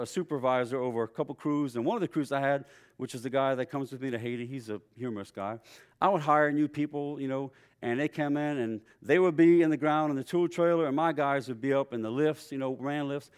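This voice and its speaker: A middle-aged man preaching a sermon in a conversational storytelling way, with lively swings in his voice. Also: mid-range voice, clear, resonant tone. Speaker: pastor.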